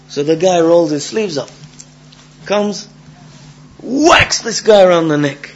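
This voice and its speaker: A man's voice: high voice, slow pace, pauses often, lo-fi sound, slight background noise. Man telling a folk tale casually. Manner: lively, casual, full of "you know". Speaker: storyteller. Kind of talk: oral storytelling.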